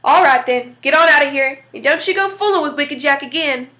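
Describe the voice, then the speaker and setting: Sly, drawling old trickster man, woman narrator, high-voiced. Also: a little fast, pushed and bright.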